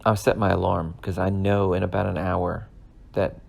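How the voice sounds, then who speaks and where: A man's voice: low voice, little pitch movement, moderate pace, creaky, a little mellow. A man in his thirties, a podcast host, telling an earnest, rambling personal story in a casual way. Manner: rambling, earnest, emotional at times.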